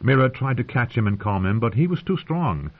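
A man narrating a fantasy audiobook in a dramatic, expressive reading. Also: medium pitch, brisk, slightly rough. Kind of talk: scripted narration. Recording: dull lo-fi audio.

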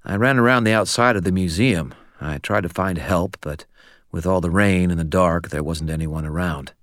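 A man's voice: deep voice, normal speed, a bit bright, dry recording, clean studio sound. A man voicing a nervous young male medical examiner in an audiobook, his speech thick and slurred from a broken nose, hesitant and earnest. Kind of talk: audiobook character voice.

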